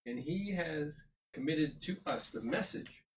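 A man joining a casual Bible study, relaxed and brief, who reads the verse aloud plainly. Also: a little high, a little slow. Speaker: study partner reading scripture. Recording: distant mic with faint background noise.

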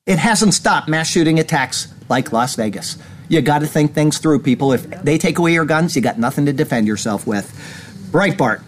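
A man's voice: a little high, a little hiss or hum. A man hosting a casual commentary show, rambling and retelling stories with laughs. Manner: rambling, animated storytelling with laughs. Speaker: host.

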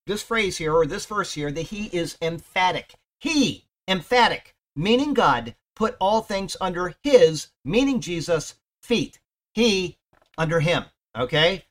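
A man teaching a casual verse-by-verse Bible study in a chatty, folksy way, stressing key words emphatically. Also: on the high side.

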